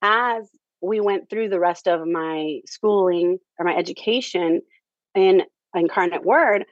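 A woman's voice: fairly low pitch, a little slow, dry recording. A woman telling her story in a chatty, conversational way, often leaning on "you know" and "um". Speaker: theater director, interview guest. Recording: dull lo-fi, dry.

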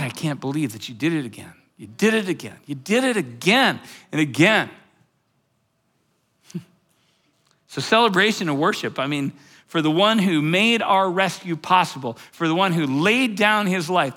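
A man preaching from the pulpit with a bright, forceful voice set a little high. His talk rolls in repeated phrases and restarts, climbing from hushed musing to ringing exclamations, with a chuckle slipping in here and there. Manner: builds from low musing to loud, rising exclamations; repeats words, restarts, chuckles mid-sentence. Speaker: pastor. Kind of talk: sermon.

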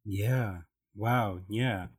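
Laid-back male podcast host, low voice. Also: drawn-out words, husky. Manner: laughs often, easygoing and curious. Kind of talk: casual podcast interview.

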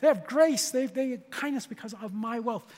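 An older man, a grandfather, preaching a sermon in a church auditorium, animated and leading the congregation in repeated phrases. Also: extremely high pitch, moderate pace, long reverb tail. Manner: animated, storytelling with congregation call-and-response. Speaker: pastor.

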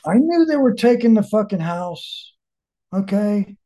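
A man's voice: sits high, lively intonation, measured pace, mellow. A man in his forties telling his own story as an interview guest, blunt and emphatic, swearing constantly. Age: 40s. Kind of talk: candid personal storytelling.

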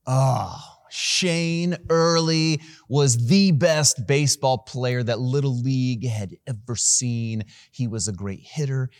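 A man preaching from the pulpit who leans into a personal story with animated, self-mocking humor. His voice sits at a middle pitch, and the sound is dry and close with no room around it. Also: no echo. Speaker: pastor.

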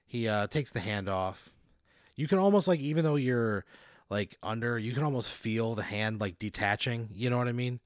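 A man's voice: mid-range voice, normal speed, no echo, studio quality. A man hosting a podcast, casually narrating a made-up scenario to his guest, laid-back and chuckling as he sets each scene. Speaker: podcast host narrating a hypothetical. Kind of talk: casual improvised storytelling.

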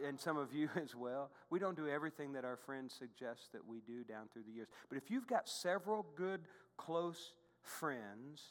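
A male pastor preaching a sermon in a lively, conversational way, with frequent asides to the congregation. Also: medium pitch, in a large hall. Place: church sanctuary.

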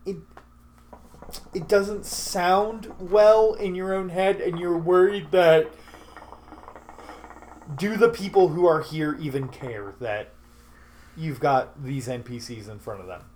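A man's voice: on the high side, fairly even intonation, slow, pauses often, a little mellow, a little hiss or hum. A young man, a tabletop game master, answering interview questions in a casual chat, rambling with fillers and restarts.

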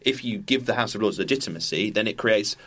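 A man on a casual panel discussion lays out his point in a steady, explanatory way. His voice sits a little low. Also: fast.

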